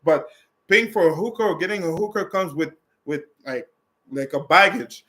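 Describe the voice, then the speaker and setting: A man's voice: fairly high pitch, lively intonation, moderate pace, a bit bright. A man vlogging in a casual, rambling way as he answers viewer questions, talking bluntly with many restarts and fillers. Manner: blunt and direct.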